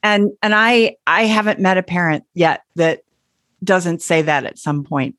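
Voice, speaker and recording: A woman working as a parenting coach, explaining calmly and gently in a casual talk. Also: on the low side, measured pace, no room sound, clean studio sound.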